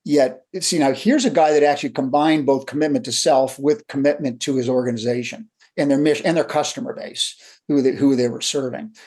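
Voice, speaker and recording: Older man telling stories, mellow husky voice. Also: medium pitch, a little fast. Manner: animated storyteller who acts out quotes. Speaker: leadership coach guest. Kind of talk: conversational storytelling.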